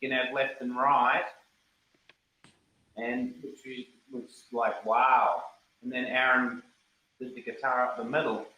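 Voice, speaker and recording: A man's voice: mid-range voice, level tone, measured pace, pauses often, pushed and bright, dull audio. A man, a band guitarist telling a studio story in a casual interview, rambling and acting out quotes. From New Zealand. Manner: rambling, repeats words, acts out quotes. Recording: roomy echo, faint background noise.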